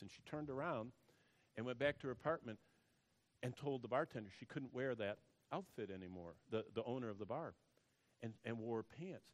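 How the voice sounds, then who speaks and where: A man preaching a sermon and telling a story, dropping to a hush and then rising to loud emphasis. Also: mid-range voice, moderate pace. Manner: storytelling, swings between hushed and loud emphasis. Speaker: pastor. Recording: long hall reverb.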